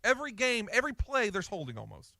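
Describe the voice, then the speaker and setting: A man co-hosting a sports radio show, talking excitedly and emphatically, often repeating words as he restarts. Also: high-pitched, quick pace, vocal fry, no echo, clean studio sound. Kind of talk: casual sports talk.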